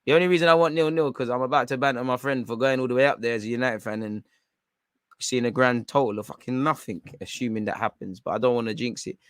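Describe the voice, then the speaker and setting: A man reacting live to a football match from home, bantering in slang and shouting when chances come. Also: medium pitch, fairly even intonation, fast, clear, resonant tone, dry recording, studio quality. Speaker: football watchalong streamer.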